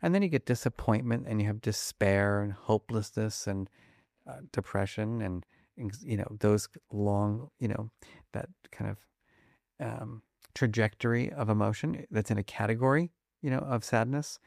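A man being interviewed about his research, talking quickly and acting out little scenes as examples. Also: lowish voice, gravelly, dry recording, clean studio sound. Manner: animated, fast-talking, acts out examples. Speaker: guest, emotion researcher. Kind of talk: conversational interview.

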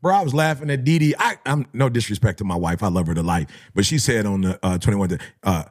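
A middle-aged man, a motivational speaker who tells stories in slangy talk and acts out other people's voices. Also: fast talker. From Detroit area. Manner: animated, slangy, acts out voices with big pitch jumps. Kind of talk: storytelling talk.

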